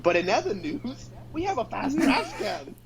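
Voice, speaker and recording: A man's voice: very high voice, sing-song, moderate pace, over a noisy crowd, voice pushed up, full character voice, rough recording. An American man putting on an exaggerated British accent to mock-read the news. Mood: mock solemn.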